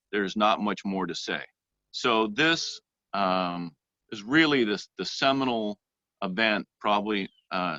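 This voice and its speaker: A man giving a church education talk on literature, speaking thoughtfully with frequent pauses and reading passages aloud. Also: lowish voice, pushed and bright, no echo, dull audio.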